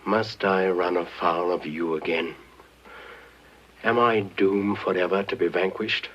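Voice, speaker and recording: A low, husky devil, pompous and full of grand words, pleading and scolding by turns. The sound comes from a muffled old film soundtrack. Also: male voice. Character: scheming male devil, pompous and wheedling. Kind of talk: 1940s film acting.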